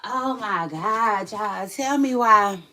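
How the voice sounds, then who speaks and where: A woman hosting her own vlog, chatting casually to viewers about celebrity gossip in front of a camera, sassy and animated, repeating her lines for emphasis. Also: medium pitch, slow, slight background noise. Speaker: vlog host. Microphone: camera mic.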